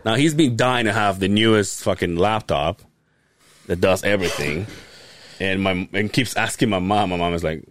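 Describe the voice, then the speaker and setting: A middle-aged man hosting a podcast who tells a long story in a casual, animated way, swearing often and laughing as he goes. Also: sits low, normal speed, a little hiss or hum. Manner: animated, profane, laughs while telling stories. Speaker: podcast host.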